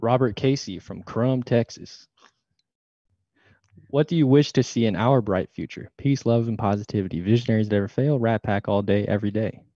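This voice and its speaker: A man reading fan names and questions aloud to an author in a low-key way. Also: fairly even intonation, moderate pace, warm tone, dry recording, lo-fi sound.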